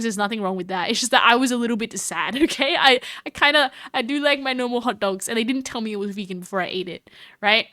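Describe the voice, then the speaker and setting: A high-voiced woman chats casually on her live stream. She is animated, laughing often and tripping over her words. Her voice sounds bright and dry, with no room around it. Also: no echo. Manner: chatty and animated, with frequent laughs and restarts.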